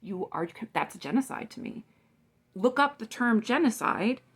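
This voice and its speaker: A woman's voice: on the high side, lively intonation, moderate pace, husky. A woman in her forties delivering a heated political rant to camera, blunt and profane. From Canada. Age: 40s. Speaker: vlogger.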